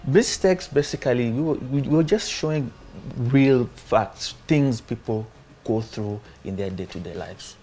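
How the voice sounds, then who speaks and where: A man with a Ugandan accent, an actor guest on a talk show, animated and acting out stories. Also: mid-range voice, measured pace. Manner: animated storyteller, acts out quoted voices. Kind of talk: casual interview chat.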